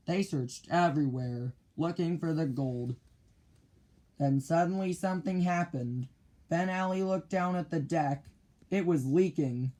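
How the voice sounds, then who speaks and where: A man reading a children's picture book aloud in a slow, clear storytelling manner. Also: fairly high pitch, dark tone.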